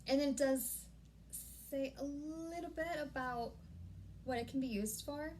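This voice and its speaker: A woman vlogging a casual unboxing at home, gushing and easily excited, often breaking off mid-sentence. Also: sits high, a little slow, a little hiss or hum. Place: home room.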